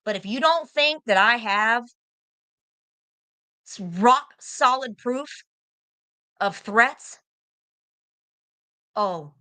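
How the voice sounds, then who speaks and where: A woman's voice: fairly high pitch, expressive, very slow, pauses often, bright, forceful tone. A young American woman arguing heatedly on a livestream, confrontational and profane, hammering her points by repeating them. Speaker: livestream guest.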